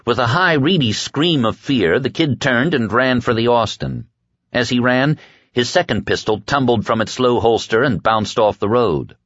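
A man reading an audiobook in a measured, dark storytelling manner. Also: mid-range voice, no room sound. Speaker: audiobook narrator. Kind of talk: scripted audiobook narration. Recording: dry dull lo-fi audio.

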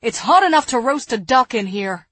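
A woman's voice: fairly high pitch, lively intonation, unhurried, breathy edge, no room sound. A woman voicing a fierce, worried woman caring for sick children, talking sharply and urgently.

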